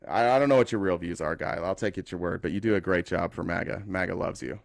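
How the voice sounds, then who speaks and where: Guy hosting a call-in show, low voice, dry sound, argues back hard. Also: fast talker, gravelly, no room sound. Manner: combative, interrupts, sarcastic. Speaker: talk show host taking callers.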